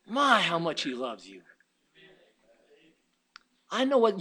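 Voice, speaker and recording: A man's voice: sits high, big pitch swings, takes it slowly, pauses often, sharp tone, breathy edge. A man preaching a sermon in a fervent, folksy way, weaving in personal stories.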